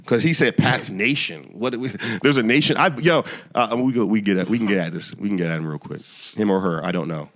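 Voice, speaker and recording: A man's voice: lowish voice, a little fast. A man hosting a podcast in casual chat, joking and bantering with guests. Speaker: podcast host.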